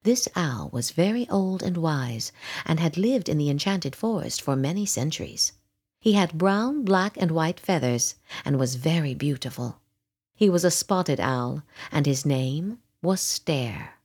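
A woman narrating a children's storybook in a gentle, expressive way. Her voice sits fairly low and drifts up and down in a lilting melody, at an unhurried pace. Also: husky. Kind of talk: storybook read-aloud.

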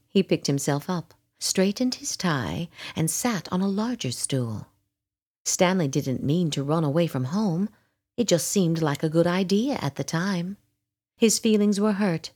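A woman narrating a children's storybook in a gentle, expressive way. Her voice sits fairly low and drifts up and down in a lilting melody, at an unhurried pace. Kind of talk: storybook read-aloud.

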